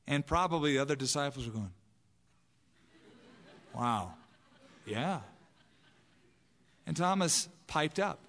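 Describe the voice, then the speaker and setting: A man's voice: a little high, lively intonation, brisk, hardly any pauses, fairly bright tone. Man preaching in a reverberant hall. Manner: conversational preaching, acting out quoted voices. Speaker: pastor. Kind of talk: sermon.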